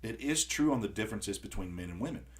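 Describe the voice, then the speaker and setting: A man hosting a podcast in casual conversation, who tells stories with lively acted-out quotes and frequent restarts. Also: lowish voice, quick pace. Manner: animated storyteller acting out quotes. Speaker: podcast host.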